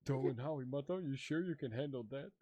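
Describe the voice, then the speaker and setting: A man's voice: mid-range voice, a little fast, no room sound, natural voice. A man playing Mato, a playful married tribesman in a western roleplay, telling stories in broken English and acting out the voices of others. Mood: bemused. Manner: broken English, animated retelling with quoted voices. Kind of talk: in-character roleplay chat.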